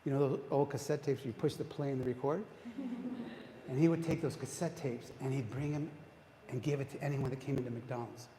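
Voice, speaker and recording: A man's voice: mid-range voice, steady tone, a little fast. A man giving a retreat talk, preaching to a congregation, quizzing his listeners and often restarting his sentences. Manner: engaging, quizzes the audience, frequent restarts. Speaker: retreat speaker. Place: church hall. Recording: long hall reverb, faint background noise.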